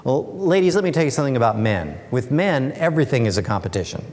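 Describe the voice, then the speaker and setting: A man's voice: mid-range voice, very animated, fast, a little mellow. A man giving a humorous presentation as a guest speaker and author. He talks playfully and keeps asking the audience rhetorical questions. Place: lecture hall. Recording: long hall reverb.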